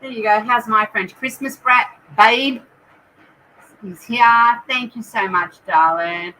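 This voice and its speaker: A woman's voice: on the high side, slow pace, pushed and bright, slight background noise, poor audio. A woman with an Australian accent hosting a live craft stream, chatting and reading out viewer comments. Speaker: craft channel host.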